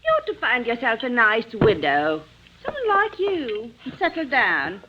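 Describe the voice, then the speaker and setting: A woman's voice: on the high side, sing-song, moderate pace, muffled recording, crowd noise. A cheeky young girl. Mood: dismissive. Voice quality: perky, breezy and blunt. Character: cheeky young English barmaid type, blunt. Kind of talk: 1950s radio drama acting.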